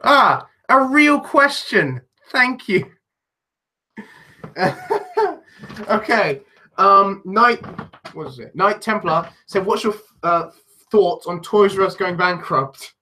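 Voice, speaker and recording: A man's voice: fairly high pitch, sharp tone. A young man from England with a British accent, chatting casually and rambling on a livestream, often laughing and restarting his sentences. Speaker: YouTube livestream host. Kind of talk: casual live-stream chat.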